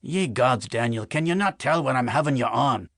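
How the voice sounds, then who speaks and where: A man's voice: medium pitch, lively intonation, moderate pace, a bit bright, no echo. A man voicing a wry older man. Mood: teasing. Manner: needling, dry teasing. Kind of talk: audiobook character voice.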